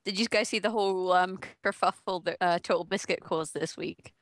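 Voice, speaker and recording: A woman's voice: fairly low pitch, a little fast, dry recording. A Scottish woman chatting casually on a podcast as a guest, telling stories with laughs. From Scotland. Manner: laughing, animated storytelling.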